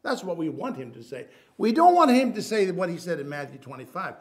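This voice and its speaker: A man preaching a sermon, swinging between loud emphatic bursts and quiet asides, using Hebrew names for biblical terms. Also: on the high side, sing-song, a little fast.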